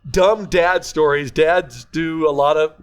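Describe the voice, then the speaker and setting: An older man, a grandfather, telling rambling family stories in casual chat and acting out quotes loudly. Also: a little high, takes it slowly, clean tone. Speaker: podcast co-host.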